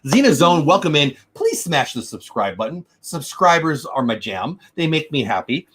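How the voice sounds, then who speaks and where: A man's voice: on the high side, sing-song, normal speed, fairly bright tone, slightly rough. A man hosting a casual livestream from home, chatting enthusiastically and answering viewer comments. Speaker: livestream host. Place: home room. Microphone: desk mic.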